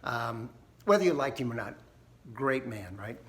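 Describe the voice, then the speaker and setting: A man's voice: medium pitch, animated, a little fast. A man hosting a think tank video, talking casually and folksily, often laughing and tagging "right?" onto his points. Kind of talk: casual talk to camera.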